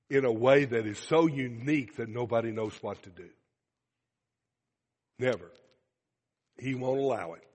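A man's voice: medium pitch, husky. A man preaching a sermon to a congregation, asking them questions and acting out bits of dialogue. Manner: animated, acts out dialogue, asks the congregation questions. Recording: long hall reverb.

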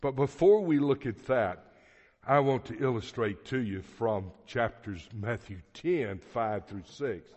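A man preaching a sermon in a church hall, teaching slowly and deliberately with emphatic phrases. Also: medium pitch, expressive, a little mellow. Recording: dull audio with long hall reverb.

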